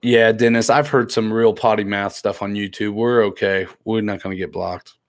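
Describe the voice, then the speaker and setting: A man's voice: lowish voice, fairly even intonation, moderate pace. Laid-back joking man hosting a live stream. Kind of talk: casual live stream chat, reading viewer comments aloud.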